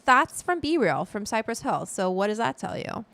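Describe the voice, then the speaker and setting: A woman's voice: a little high, big pitch swings, normal speed, fairly bright tone, dry recording. A middle-aged woman hosting a casual livestream from home, chatting and reading viewer comments in a rambling, loose way with casual swearing. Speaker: livestream host, cannabis cook. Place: home room. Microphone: studio mic at desk.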